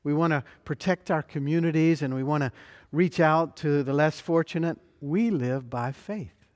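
A man preaching a sermon, slow and emphatic, with dramatic pauses. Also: fairly high pitch, long reverb tail. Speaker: pastor.

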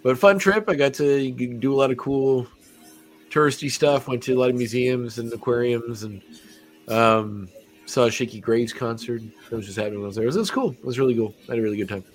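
A Canadian man co-hosting a podcast in easy, casual chat. He jokes at his own expense and keeps restarting his sentences. His voice sits at an ordinary middle pitch. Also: brisk, faint music behind. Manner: joking, self-deprecating, stumbling restarts. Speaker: podcast co-host.

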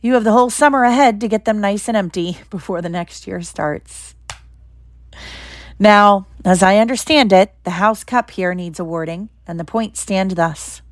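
Woman doing dumbledore, jolly old headmaster, slow grand announcements. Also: mid-range voice, dry recording, lightly acted. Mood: announcing. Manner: cheerful, measured, grand announcing. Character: cheerful old male headmaster, whimsical.

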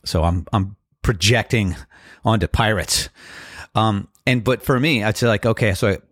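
Low-voiced man with a throaty podcast ramble. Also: normal speed, a bit bright, no room sound, clean studio sound. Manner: rambling, reflective, loose with fillers. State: slight frog in throat, clearing throat. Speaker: podcast host. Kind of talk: casual solo podcast talk.

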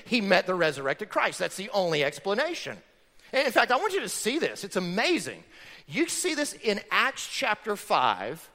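Preaching to his congregation, a pastor delivers an emphatic sermon full of rhetorical questions. His voice is very high, pushed, and bright, and the long reverb of a large hall surrounds it.

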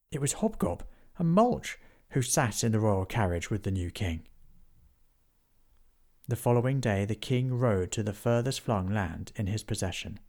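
A man narrating a children's storybook in an even, unhurried way. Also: fairly low pitch.

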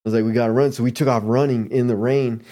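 A man from Arizona spins a casual story as a podcast guest. His voice sits mellow and dark, loose with slang. He slips into quick impressions of the people in the tale. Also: medium pitch, steady tone. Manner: laid-back, slangy, mimics people in his stories.

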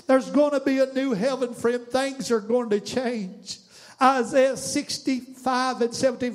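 High-voiced preacher, impassioned. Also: male voice, fairly even intonation, measured pace. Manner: impassioned, swinging from hushed to shouting. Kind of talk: sermon. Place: church.

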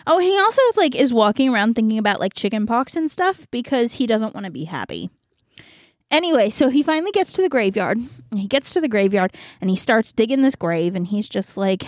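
Young woman podcast host rambling n giggling, high voice jumping all over, dry close sound. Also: big pitch swings, moderate pace, dry recording. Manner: rambling, giggly retelling with many "like"s. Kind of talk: casual chat.

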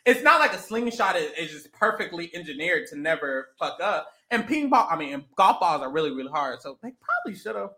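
Podcast co-host, casual recap chat, gossipy, swears freely, very lively pitch, bright sharp tone. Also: fairly quick, hardly any pauses. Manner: animated, gossipy, swears freely, quotes people in voices.

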